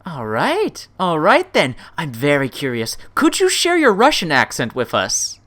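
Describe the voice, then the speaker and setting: A woman's voice: low-pitched, wildly swooping pitch, unhurried, fairly bright tone, dry recording. Enthusiastic lady interviewer, dry close sound, swoops up and down a lot. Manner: enthusiastic, exclamatory reactions. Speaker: interviewer host. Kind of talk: casual interview.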